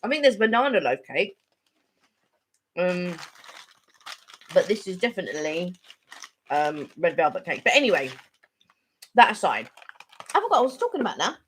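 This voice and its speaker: A woman's voice: fairly low pitch, sing-song, normal speed, long pauses, a little hiss or hum. A middle-aged woman co-hosting a casual live-stream chat, rambling and chatty, laughing easily. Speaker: channel co-host.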